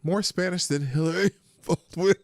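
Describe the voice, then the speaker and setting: A man's voice: high-pitched, moderate pace, creaky, no echo, studio quality. A man hosting a podcast, giving casual mocking commentary and often breaking into incredulous laughter. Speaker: podcast host.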